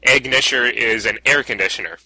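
A man's voice: medium pitch, a little fast, pushed and bright, low-quality recording. A man co-hosting a casual podcast, reading out listener submissions and prodding his partner. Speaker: podcast host.

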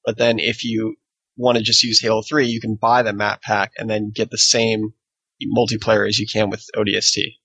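Husky gravelly podcast co-host man. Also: fairly low pitch, monotone, normal speed, sharp tone, dry recording, rough recording. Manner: hesitant, many fillers and restarts. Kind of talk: casual podcast chat.

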